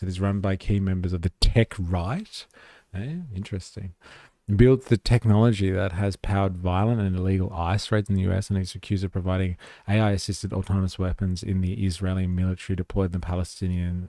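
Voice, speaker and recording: A man's voice: deep voice, steady tone, a little fast, warm tone, no echo, clean studio sound. A young Australian man hosting a livestream, chatting casually in a laid-back, profane way and laughing often. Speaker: livestream host.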